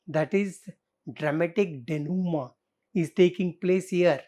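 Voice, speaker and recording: A woman's voice: fairly low pitch, a little slow. A woman teacher with an Indian English accent explaining a play line by line in a literature lesson. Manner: explanatory, reads scenes aloud and comments.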